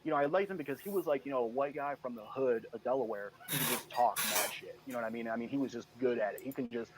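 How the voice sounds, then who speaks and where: A man's voice: medium pitch, quick pace, heavy background noise. A man telling stories in a casual interview, rambling with many "you know" fillers and acting out what others said, from Michigan. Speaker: guest.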